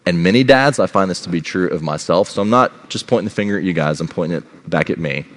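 A man's voice: sits low, expressive, fast talker. A middle-aged man giving a sermon as a pastor, conversational and checking in with the congregation. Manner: conversational, checks in with "all right?".

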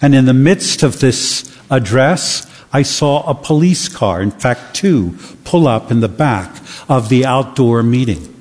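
A man's voice: mid-range voice, expressive, measured pace, hardly any pauses, darkish tone, long reverb tail. A man preaching a sermon, earnest and building to emphatic questions.

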